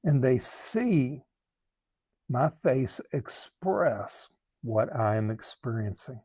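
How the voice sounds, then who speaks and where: A man speaking as a recovery coach, giving earnest advice to camera in a slow, thoughtful way that often repeats words. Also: mid-range voice, very animated, a little mellow, husky, no echo. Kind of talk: talking to camera, advice monologue.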